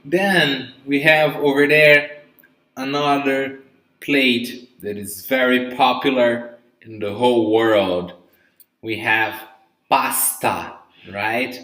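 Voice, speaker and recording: A man's voice: mid-range voice, a bit bright. A man teaching English vocabulary in a live online lesson, checking in with "okay?" after each word and cheering on his learners. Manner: lifts to an upbeat "very good" between items. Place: room at home during lockdown. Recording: echoey room, mic at a distance.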